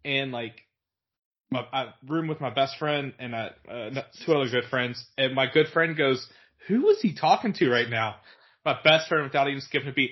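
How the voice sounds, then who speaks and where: A man's voice: mid-range voice, normal speed, muffled recording. A young man from Virginia, a podcast guest, telling stories in a rambling way with lots of filler words. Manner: rambling, many "like" fillers, laughs through stories. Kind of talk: casual storytelling chat.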